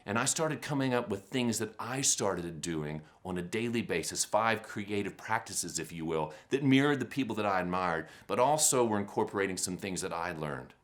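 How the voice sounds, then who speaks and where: A man in his fifties giving a motivational keynote, telling stories in an animated, self-deprecating way with rhetorical questions. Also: lowish voice, normal speed, few pauses. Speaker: keynote speaker.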